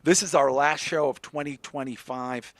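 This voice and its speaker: A man's voice: on the high side, moderate pace, gravelly, a bit bright, no echo. A man hosting a podcast in an upbeat, joking, rambling chat. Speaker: podcast host.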